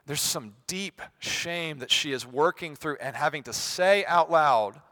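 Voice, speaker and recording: Bright-voiced preacher swinging hushed to loud. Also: male voice, on the high side, expressive, a little slow. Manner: acts out quoted voices with sarcasm. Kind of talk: sermon.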